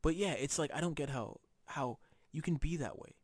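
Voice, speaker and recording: A man's voice: fairly high pitch, expressive, normal speed, no room sound. A young man co-hosting a podcast, telling rambling, swear-filled stories about his family in casual chat. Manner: rambling storyteller, swears freely, acts out relatives' lines. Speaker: podcast co-host.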